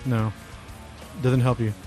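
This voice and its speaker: A man's voice: medium pitch, level tone, slow, darkish tone, soft background music. A man hosting a casual podcast chat about a metal band, leading the talk and joking with his co-hosts. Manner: joking, leads the segment. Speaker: podcast host.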